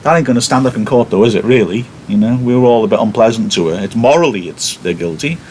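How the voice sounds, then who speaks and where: A man's voice: mid-range voice, quick pace, darkish tone, slight background noise. A man from the United Kingdom, a teacher, reading a play aloud to his class and adding chatty, wry, self-mocking commentary.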